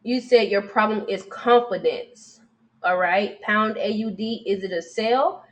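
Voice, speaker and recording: A forex trading coach goes over charts on a live stream, talking straight to her viewers and casually calling them sweetie and baby. Her voice is medium-pitched, unhurried, and fairly bright.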